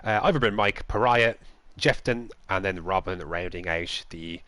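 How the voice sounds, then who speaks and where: A man commentates on an esports race in a low voice. He talks in lively play-by-play with the odd chuckle. The sound is dry and close to the mic. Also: moderate pace, no echo. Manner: lively play-by-play with light laughs.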